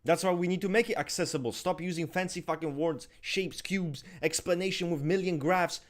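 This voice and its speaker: A married man co-hosting a podcast, talking loudly and swearing a lot as he rants in casual chat. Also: high voice, brisk. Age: adult, married. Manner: loud, swears a lot, animated ranting. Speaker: podcast co-host.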